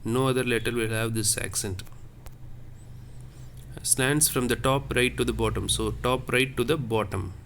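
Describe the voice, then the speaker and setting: A man's voice: medium pitch, steady tone, normal speed, pauses often, a bit bright, slight background noise. A man teaching a lesson on French accents, explaining patiently and repeating each point step by step.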